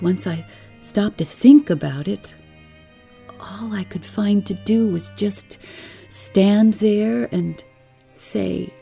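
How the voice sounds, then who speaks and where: A woman reading a bedtime story aloud in a soft, soothing, unhurried way. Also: medium pitch, gravelly.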